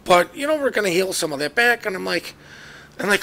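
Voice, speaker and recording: A man's voice: sits high, expressive, brisk, vocal fry, pushed and bright. A man giving casual, joking commentary over his own naval battle game footage, chatty and self-mocking. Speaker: gameplay commentator.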